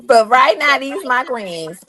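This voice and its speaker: Lively, sassy high-voiced woman. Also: slow pace. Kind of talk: casual chat on a live stream.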